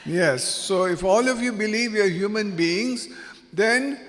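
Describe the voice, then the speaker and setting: Man, workshop facilitator, high voice, long hall reverb. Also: takes it slowly. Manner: quizzes the audience, joking and animated. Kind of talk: interactive workshop talk. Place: seminar hall.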